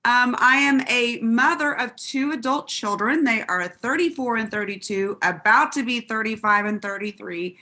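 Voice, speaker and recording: A woman, telling her story on a group call in a sassy, animated, self-mocking way. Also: on the high side, normal speed, few pauses. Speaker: guest sharing testimony. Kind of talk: lively call testimony.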